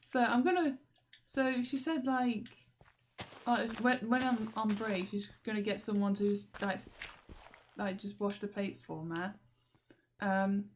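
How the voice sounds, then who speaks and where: A woman's voice: mid-range voice, a little slow, slight background noise. A young woman, rambling and exasperated in a video diary, laughing often. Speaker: vlogger. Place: walking through a station.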